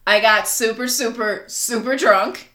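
Bright-voiced woman telling stories, echoey room. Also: fairly high pitch, measured pace. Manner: frank, profane, laughing storyteller. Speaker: podcast co-host. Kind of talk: casual storytelling chat.

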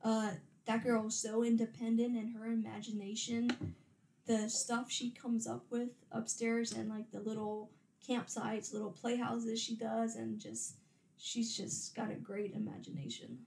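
A woman's voice: on the high side, fairly even intonation, a little slow, creaky, a little mellow, reverberant, a little hiss or hum. A woman in her thirties chatting candidly about motherhood, her voice raw and on the verge of tears, swearing freely and trailing off her sentences. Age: 30s. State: voice raw from holding back tears. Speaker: podcast guest, mother of young girls. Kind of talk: casual chat.

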